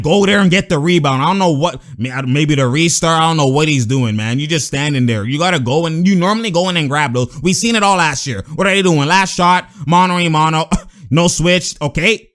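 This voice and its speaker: A young man in casual reaction commentary on basketball clips, slangy and animated, laughing often and repeating phrases for emphasis. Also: fairly high pitch.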